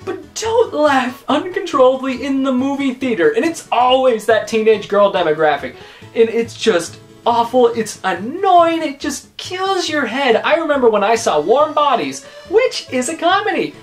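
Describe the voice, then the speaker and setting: Young woman host, comic rant, lively up-and-down delivery, faint music underneath. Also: high-pitched, normal speed. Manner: exasperated, emphatic, repeats her points. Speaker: YouTube host. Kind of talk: comedic vlog rant.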